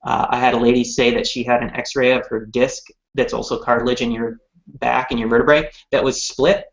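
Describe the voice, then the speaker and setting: A man in his 30s speaks fairly quickly at medium pitch with little pitch movement. Representing a company on a live-streamed show, he chats about products in a casual, upbeat way full of fillers. The stream audio is dull and lo-fi.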